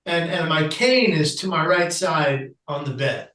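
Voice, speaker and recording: A man with a fairly high voice tells a personal story as a podcast guest, acting out the people he quotes with lively energy. He sits back from the microphone, so his voice carries a noticeable echo of the room. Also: measured pace, distant mic.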